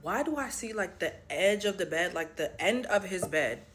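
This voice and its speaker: Animated young woman telling a storytime. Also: fairly low pitch, normal speed, a little hiss or hum. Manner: animated, profane, addresses viewers as y'all. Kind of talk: casual storytime. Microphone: phone.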